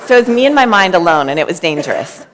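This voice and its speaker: A woman giving a storytelling talk on mindfulness to an audience, gentle and warm, laughing easily as she speaks. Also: fairly low pitch, background noise. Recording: long hall reverb.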